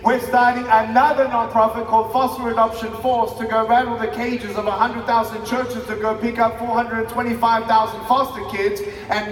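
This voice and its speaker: A man in his thirties giving an emphatic motivational speech to a live audience, calling for responses and shouting key lines. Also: extremely high pitch. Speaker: motivational speaker. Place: large hall with a live audience. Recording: echoey hall, distant mic, crowd noise.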